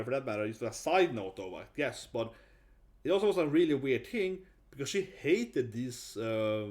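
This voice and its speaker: A man in his thirties from Sweden with a Swedish accent, telling a story in a blunt, casual vlog. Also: mid-range voice. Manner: animated, blunt, swears and laughs often. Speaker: vlogger.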